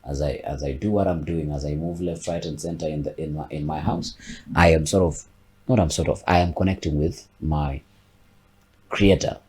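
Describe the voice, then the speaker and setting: Very deep husky man. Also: steady tone, moderate pace, darkish tone. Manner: reflective, repeats words and restarts while thinking aloud. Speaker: podcast co-host. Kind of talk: casual podcast chat.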